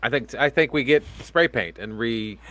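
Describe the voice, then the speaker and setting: A man's voice: mid-range voice, moderate pace, sharp tone, a little hiss or hum. A man co-hosting a podcast in casual chat, joking and playful. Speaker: podcast co-host.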